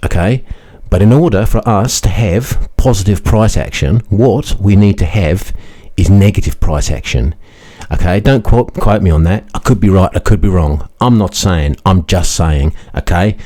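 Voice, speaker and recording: A rambling crypto financial advisor, put on by a man, pitched higher than his usual voice. He keeps hedging every claim and cannot commit to anything. The voice underneath stays warm and mellow. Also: natural voice. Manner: hedging, repeats "don't quote me on that".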